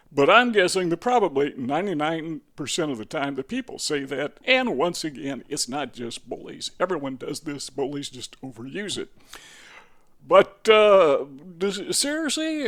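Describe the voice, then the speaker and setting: A man's voice: fairly high pitch, fairly bright tone. A man talking casually to camera in a musing way, asking rhetorical questions with a dry sense of humor. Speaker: video host. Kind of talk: casual spoken monologue.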